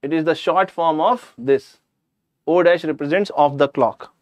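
A man's voice: on the high side, unhurried, dry recording, dull audio. A man with an Indian English accent teaching a live online grammar class, chatty, addressing students directly and slipping in jokes.

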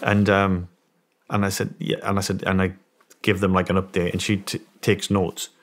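A low-voiced man speaking at normal speed, he's a middle-aged ex-soldier from England with a British English accent. As a podcast guest, he tells a story animatedly, acting out the voices of those in it.

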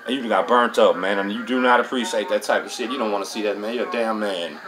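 A middle-aged Texan man hosts a casual storytelling monologue, talking fast in a lowish voice. He's streetwise and profane, tossing "man" into almost every line, over crowd noise in a low-quality recording.

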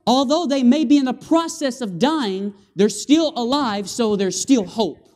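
A guest preacher with a high, animated male voice delivers a lively evangelistic sermon in a church sanctuary at a slightly slow pace. He uses call-and-response with the congregation and makes vocal sound effects.

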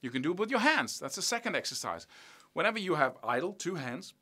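Man, guitar teacher, bright voice, very animated pitch, chants rhythms aloud, chatty. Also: fast talker, husky. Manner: chatty, self-mocking. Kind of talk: spoken video lesson.

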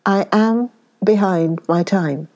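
A woman voicing a timid, humble male clerk, speaking low and apologetically. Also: takes it slowly, warm tone, natural voice. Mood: meek.

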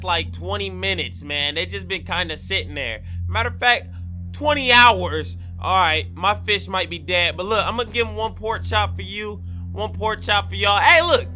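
Hyped young dude narrating a minecraft roleplay, really high voice, lots of slang, music playing clear behind. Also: male voice, moderate pace. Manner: excitable, slangy, loud reactions. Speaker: gaming channel host. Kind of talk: Minecraft role-play commentary. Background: background music.

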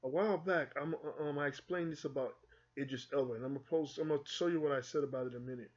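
A man's voice: mid-range voice, quick pace, muffled recording. A man from the United Kingdom who speaks with a mixed Jamaican and American accent, giving casual rambling commentary and reading an article aloud to his viewers. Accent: Jamaican-American mix. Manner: rambling, conversational, restarts often. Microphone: phone or computer mic.

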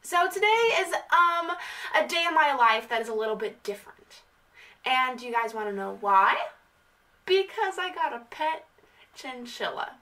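A woman's voice: high-pitched, expressive, normal speed, bright, forceful tone, recorded from a distance. A young woman vlogging in a casual, rambling, giggly way. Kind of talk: casual vlog chat.

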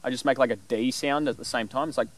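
A man casually explaining animal calls in a rambling, relaxed way with lots of fillers. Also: medium pitch, quick pace. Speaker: bushcraft vlogger.

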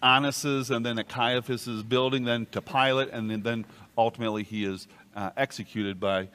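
A man, a pastor, teaching an adult Bible class in a church, reading scripture and acting out quoted speech with lively jumps in pitch. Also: moderate pace, smooth. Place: church room. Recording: long hall reverb.

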